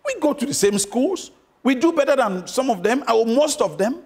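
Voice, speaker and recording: Middle-aged man from Cameroon, high-pitched, emphatic interview guest who hammers points with rhetorical questions. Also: expressive, moderate pace, darkish tone, breathy edge. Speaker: political guest. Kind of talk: interview answers.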